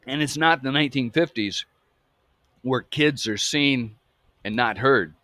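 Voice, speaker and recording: A man's voice: medium pitch, measured pace, sharp tone, no room sound. A man in his fifties from the US South, talking in an emphatic, profane monologue that keeps checking in with his listeners. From Atlanta, US South. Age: 50s. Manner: emphatic, profane, keeps asking "okay?" and "folks". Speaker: true-crime channel host. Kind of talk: casual monologue.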